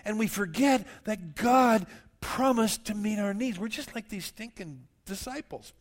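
A man's voice: high voice, unhurried. A man preaching a sermon while he has a cold and coughs now and then, acting out the voices of the people he quotes. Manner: animated, acts out quoted voices. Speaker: pastor.

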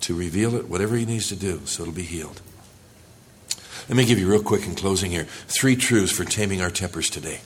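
A male pastor preaching a sermon in church, earnest, rising for emphasis and dropping low and quiet. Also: brisk.

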